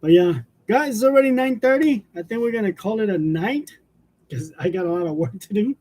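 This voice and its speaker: High-voiced man chuckling through a live chat. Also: animated, brisk, a little mellow. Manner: chuckles constantly between sentences, storytelling, loose and joking. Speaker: livestream host of a graphic design channel. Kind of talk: casual live chat with viewers. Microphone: wireless lavalier.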